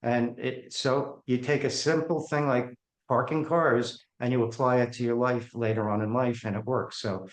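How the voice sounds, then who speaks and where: A man's voice: mid-range voice, moderate pace. Man telling stories in an echoey room. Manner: animated, acts out the voices in his anecdotes. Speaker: guest. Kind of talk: storytelling in an interview.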